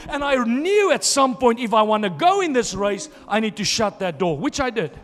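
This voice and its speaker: A man's voice: extremely high pitch, sing-song, moderate pace, few pauses, in a large hall. A man preaching a sermon as pastor, emphatic and repeating key phrases for stress. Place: church hall.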